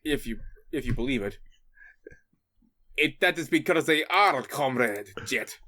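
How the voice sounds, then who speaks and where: A stern young female warrior with a heavy put-on Russian accent, as a man puts her on. Her voice sits high and bright, and every line comes out dramatic and mock-serious. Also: animated, measured pace. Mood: defiant.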